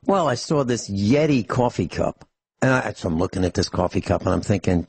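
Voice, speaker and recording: A man's voice: fairly low pitch, animated, fairly quick, darkish tone, slightly rough, no echo. A middle-aged man co-hosting a radio talk show, telling rambling stories with dry humor and frequent restarts. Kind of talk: casual radio chat.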